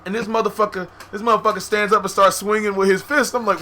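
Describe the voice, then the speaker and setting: A man's voice: sits high, steady tone, fast talker, sharp tone. A young man hosting a podcast, telling a story casually, profane and laughing as he goes. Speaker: podcast host. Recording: faint background noise.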